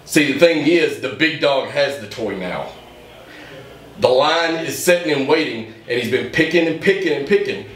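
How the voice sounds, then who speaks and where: A male professional wrestler delivers an intense interview promo that keeps building in heat. His voice sits at an average pitch. It carries a roomy echo and is picked up from a distance. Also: lively intonation, moderate pace. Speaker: pro wrestler.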